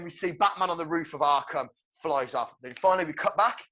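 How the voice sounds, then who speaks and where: A man co-hosting a podcast, excitedly pitching a film plot with swearing and shouted sound effects. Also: fairly quick, hardly any pauses. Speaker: podcast co-host. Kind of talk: animated movie-pitch storytelling.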